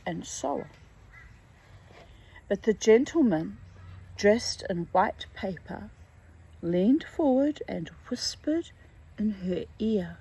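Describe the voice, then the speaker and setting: A woman reads a storybook aloud with expressive, drawn-out phrasing. Her voice is husky and mellow. Her pitch swoops widely at a slow pace. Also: rough recording. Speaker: reader.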